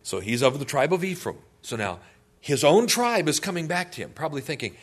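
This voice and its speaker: A man's voice: a little high, fairly quick. A male pastor teaching a sermon in a conversational way, often asking listeners questions. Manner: conversational, animated, asks the audience questions.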